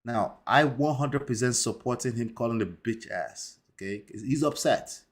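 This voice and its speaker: A man's voice: mid-range voice, moderate pace. A man hosting a commentary show, talking emphatically and tagging points with rhetorical questions. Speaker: host.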